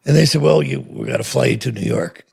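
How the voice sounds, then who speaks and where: A man's voice: mid-range voice, animated, fast talker, vocal fry, darkish tone. A man telling an anecdote in an interview, acting out the quoted dialogue as he goes. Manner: acts out quoted dialogue in his stories. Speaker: interview guest. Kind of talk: anecdotal storytelling.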